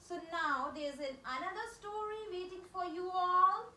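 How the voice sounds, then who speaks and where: A woman's voice: very high-pitched, moderate pace, bright, forceful tone, reverberant, poor audio. A woman teaching vocabulary, spelling words out letter by letter and repeating phrases. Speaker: English teacher. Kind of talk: slow spoken vocabulary lesson.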